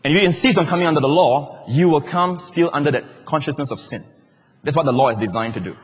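A man preaching, his husky, slightly raised voice carrying through a big hall with a long echo. He keeps checking in with listeners and slips in playful asides between points. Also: a little high, fast talker. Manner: playful, teasing asides to the congregation. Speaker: pastor. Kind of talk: sermon. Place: large church hall.

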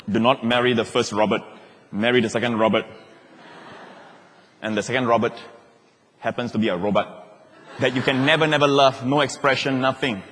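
A male pastor preaches in a lively, storytelling way, slipping into the voices of the people in his stories. His voice sits at an ordinary middle pitch, and a long reverb trails behind him as it would in a big church hall. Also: normal speed, long pauses. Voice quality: animated, acts out quoted voices, laughs as he talks. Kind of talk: sermon with personal storytelling.

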